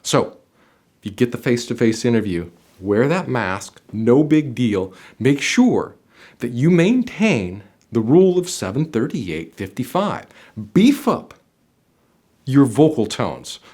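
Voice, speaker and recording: A man's voice: mid-range voice, sing-song, measured pace, darkish tone. A middle-aged man coaching job seekers straight to camera, emphatic and motivational, speaking directly to the viewer.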